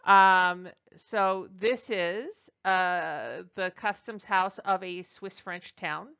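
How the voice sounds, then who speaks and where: On a slightly dull, lo-fi recording, a woman with a fairly low pitch and fairly bright tone gives a French lesson. Her pace is slow and careful, with ums and uhs filling the gaps, and she models every phrase clearly for listeners to repeat.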